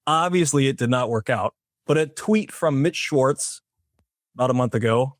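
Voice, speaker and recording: Dude making his case on a sports pod, dry jokes, mid pitch, no room sound. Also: moderate pace, no echo. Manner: dry, jokey, then argumentative and methodical. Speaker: podcast co-host. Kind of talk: sports opinion monologue.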